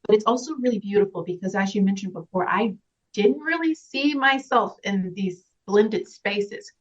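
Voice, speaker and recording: A woman's voice: medium pitch, normal speed. A woman being interviewed as a guest actress, speaking earnestly and reflectively and laughing often in casual chat. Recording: slightly dull, lo-fi sound.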